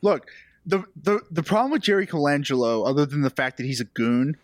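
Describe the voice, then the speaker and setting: A man with a fairly high voice guests on a casual podcast, recorded dry and close. He pushes back on the hosts with teasing exasperation. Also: lively intonation, a little fast, dry recording. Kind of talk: casual chat.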